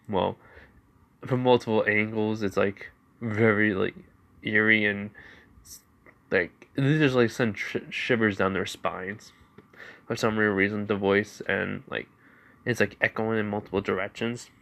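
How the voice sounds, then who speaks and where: A man's voice: lowish voice, steady tone, unhurried, vocal fry, pauses often, a bit bright. A young man casually improvising a fan fiction story, rambling with lots of fillers. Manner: rambling, many fillers like 'like'.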